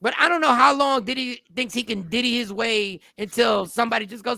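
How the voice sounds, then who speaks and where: A man's voice: very high voice, brisk, vocal fry, bright, forceful tone, no room sound. A man hosting a casual talk show, arguing emphatically in slangy speech and repeating words for stress. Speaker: show host.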